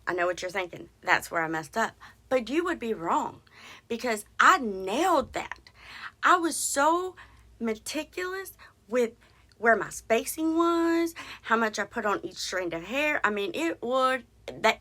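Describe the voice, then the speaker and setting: A woman, hosting a podcast and telling a story in a casual, animated way. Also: mid-range voice. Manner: animated, chatty, addresses listeners as y'all. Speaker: podcast host.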